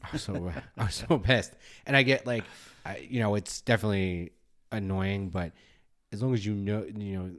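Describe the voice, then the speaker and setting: Man, 40s, very low voice, casual podcast chat, animated storyteller. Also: moderate pace. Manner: animated storyteller, acts out his own scolding. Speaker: podcast co-host.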